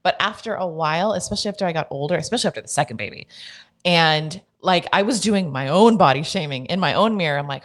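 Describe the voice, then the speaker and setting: Animated, profane woman telling stories. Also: deep voice, fast. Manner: blunt, swears freely, animated storytelling. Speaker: podcast co-host. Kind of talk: casual chat.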